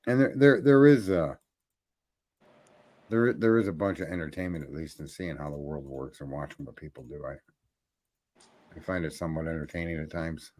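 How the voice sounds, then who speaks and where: A man's voice: deep voice, a little mellow. A man co-hosting a casual political chat, rambling, swearing often and restarting his sentences. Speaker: podcast co-host.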